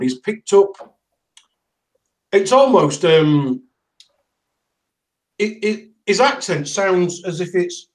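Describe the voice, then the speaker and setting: A man chatting casually on a podcast, blunt and sweary. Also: high voice. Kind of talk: casual chat.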